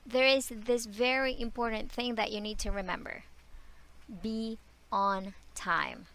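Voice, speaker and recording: Upbeat young woman, crisp bright voice, speaks straight to viewers. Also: on the high side, poor audio. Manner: upbeat, addresses viewers directly. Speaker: online teaching tips vlogger. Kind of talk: casual advice vlog.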